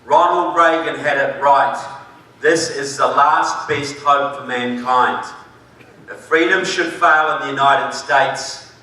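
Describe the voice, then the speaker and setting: A man's voice: medium pitch, steady tone, takes it slowly, pushed and bright. A man from New Zealand with a New Zealand accent, giving a conference speech with emphatic delivery and dry humor. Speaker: conference speaker. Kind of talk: public speech. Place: large conference hall. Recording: echoey hall, distant mic.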